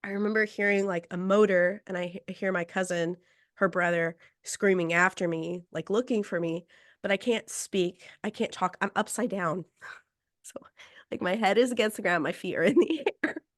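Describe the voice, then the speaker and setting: A woman's voice: mid-range voice, moderate pace, no echo, studio quality. A woman podcast host casually telling a story, acting out quotes and laughing between lines.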